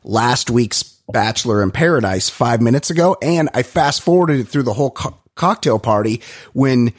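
A man hosting a podcast in casual chat, profane, teasing and animated, talking into a studio microphone. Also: medium pitch, moderate pace, husky. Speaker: podcast host.

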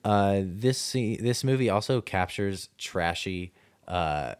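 Deep-voiced man chatting about a movie. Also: expressive, clear, resonant tone, no echo. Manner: halting, many fillers and restarts. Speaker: podcast co-host. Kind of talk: casual film discussion.

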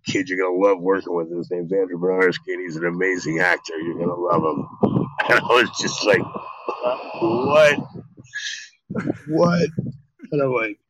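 Deep forceful middle-aged guy, swears a lot, acts out the quotes, dry sound. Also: dry recording, poor audio. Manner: animated, profane, acts out quotes. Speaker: actor guest. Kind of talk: casual storytelling interview.

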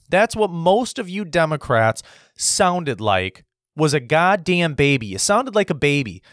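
Brief: a combative male commentator ranting bluntly, fairly high-pitched, dry sound. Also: sing-song, a little slow, fairly bright tone, no echo. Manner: combative, blunt, repetitive, swearing. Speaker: political commentator. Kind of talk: ranting opinion monologue.

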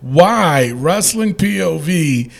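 A man with a gravelly, lively voice hosts a casual podcast. He rambles along with plenty of fillers and restarts, his pitch sitting fairly high. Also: slow pace. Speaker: podcast host.

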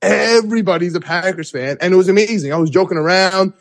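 A young man hosting a podcast, telling an excited, rambling story with many restarts. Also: high-pitched, quick pace. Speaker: podcast host. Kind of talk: excited casual recap.

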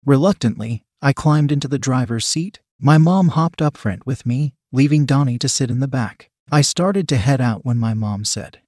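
A man's voice: medium pitch, moderate pace, hardly any pauses, darkish tone, no echo. Young man reading a story, dry sound. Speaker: narrator. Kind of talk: first-person story reading.

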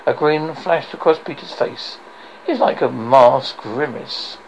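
Gravelly man reading a novel aloud. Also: medium pitch, slow pace, a little hiss or hum, rough recording. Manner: dramatic, uneven with slips and restarts. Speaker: reader. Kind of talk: dramatic audiobook reading.

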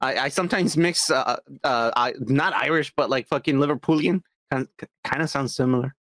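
A man co-hosting a casual podcast, laughing often and chiming in with quick agreement. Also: mid-range voice, a bit bright, no echo. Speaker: podcast co-host.

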